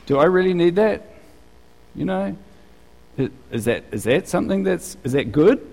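A man's voice: sits high, animated, moderate pace, vocal fry, a little mellow, in a large hall. A male pastor giving a sermon, telling stories in a conversational way with frequent restarts.

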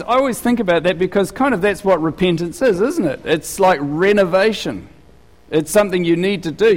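A man's voice: fairly high pitch, big-room sound. A male pastor giving a sermon, telling stories in a conversational way with frequent restarts.

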